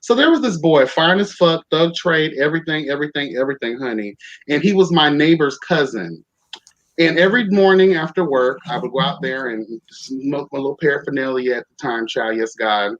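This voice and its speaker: A man's voice: fairly high pitch, fairly quick. A young man casually telling a story on a talk show, campy and sassy, profane, calling everyone child and honey. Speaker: podcast host. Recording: dull lo-fi sound.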